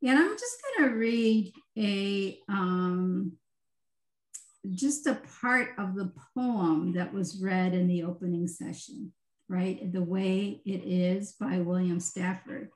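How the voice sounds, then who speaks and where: A woman facilitating a virtual group session, giving gentle, unhurried instructions over a video call and often checking in with "right?". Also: mid-range voice, roomy sound, rough recording. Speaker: retreat facilitator.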